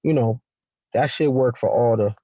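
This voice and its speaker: A man chatting as a guest on a talk show, animated and slangy, with lots of fillers. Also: medium pitch, moderate pace, no echo, dull audio. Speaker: podcast guest. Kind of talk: casual conversation.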